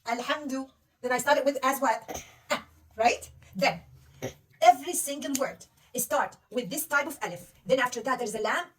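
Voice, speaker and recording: Patient high-voiced woman teaching reading. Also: moderate pace, distant mic. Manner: patient, coaxing, asks many questions. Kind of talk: one-on-one reading lesson.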